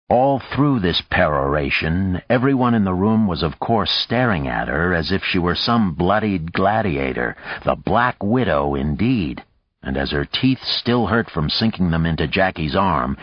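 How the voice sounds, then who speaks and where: A man narrating an audiobook in a measured, even storytelling manner. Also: low-pitched, no room sound, lo-fi sound. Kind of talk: scripted narration.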